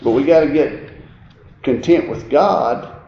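A man preaching a sermon, moving between quiet reflective passages and raised, emphatic preaching. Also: medium pitch, takes it slowly, vocal fry. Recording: dull, roomy sound with faint ambience.

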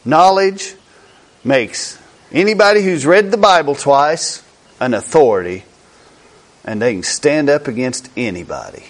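A man preaching a sermon slowly and emphatically, repeating key words for effect. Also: on the high side, lively intonation.

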